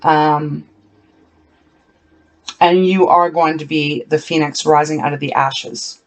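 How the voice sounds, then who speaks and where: A tarot reader giving a solo card reading to viewers. The talk is earnest and emotional, leans slowly on painful words, and often repeats or corrects itself mid-sentence. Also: mid-range voice, fairly even intonation.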